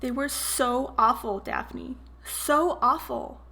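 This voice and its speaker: Woman doing a young woman, shaky and tearful, then stern, higher and louder than the reader's voice. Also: expressive, slow pace, exaggerated voice.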